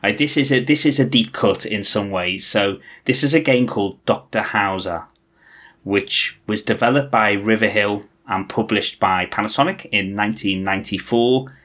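A man's voice: fairly low pitch, moderate pace. A man co-hosting a podcast, chatting enthusiastically about retro games. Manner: enthusiastic, animated. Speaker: podcast co-host.

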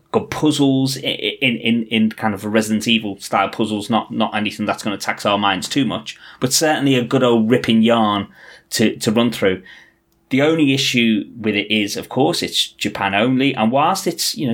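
A man co-hosting a podcast, chatting enthusiastically about retro games. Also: on the low side. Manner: enthusiastic, animated. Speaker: podcast co-host.

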